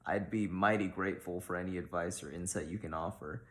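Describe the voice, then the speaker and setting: A homespun Midwestern woman zookeeper pleads for help in folksy, drawn-out phrasing, as a man reads her letter aloud. The voice stays low and deep, and the reading is dry and deadpan. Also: lightly acted.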